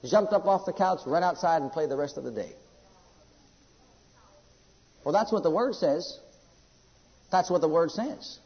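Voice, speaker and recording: A man's voice: a little high, animated, unhurried, long pauses. A man preaching a sermon, emphatic and storytelling, telling personal stories to a congregation. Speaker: pastor. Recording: echoey hall, dull lo-fi.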